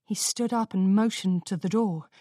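A woman's voice: medium pitch, normal speed, no echo, clean studio sound. A woman narrating a storybook chapter expressively, acting out the lines of the characters. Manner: expressive, acts out dialogue. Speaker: audiobook reader.

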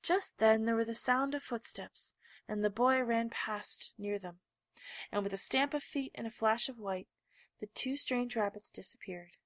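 A woman reading a children's storybook aloud, with gentle, measured storytelling. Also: on the high side, dry recording. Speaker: narrator.

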